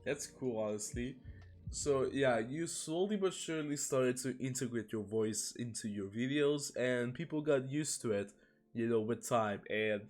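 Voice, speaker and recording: A man hosting a casual podcast, asking relaxed questions in an easygoing way. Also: medium pitch. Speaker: podcast host.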